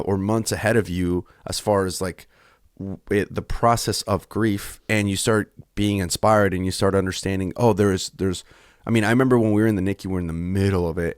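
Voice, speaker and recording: A man's voice: low-pitched, no echo, studio quality. A man co-hosting a podcast, talking earnestly and at length in a candid, emotional conversation, often breaking off and restarting. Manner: earnest, rambling, self-interrupting. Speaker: podcast co-host.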